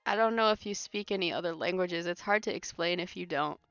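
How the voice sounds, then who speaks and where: A woman's voice: fairly low pitch, no room sound. A woman streaming a game, chatting casually, rambling with lots of fillers and laughing often. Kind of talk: casual chat while playing a game live. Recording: dry, slightly muffled with faint music.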